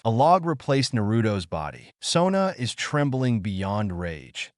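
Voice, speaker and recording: A man's voice: on the low side, very animated, measured pace, few pauses, dry recording, studio quality. A man reading fan fiction aloud, with chatty asides to the listener.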